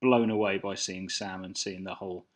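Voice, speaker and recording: Easygoing Birmingham man, low voice. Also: fairly even intonation, normal speed. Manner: easygoing, chatty, a few restarts. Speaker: documentary commentary co-host. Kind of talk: casual audio commentary.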